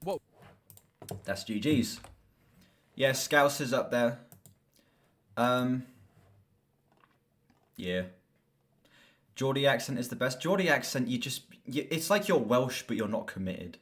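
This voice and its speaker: This young man chats on his live stream in a mid-pitched voice, casual and rambling. He gets excitable and swears freely as he talks about films. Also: takes it slowly, long pauses. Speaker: streamer and movie reviewer.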